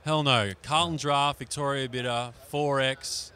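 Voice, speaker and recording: A man's voice: mid-range voice, fairly even intonation, a little slow, bright, forceful tone. A man with an Australian accent telling jokey stories as a visiting radio reporter, in casual on-air banter. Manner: jokey storyteller, Australian slang. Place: busy radio row on a convention floor.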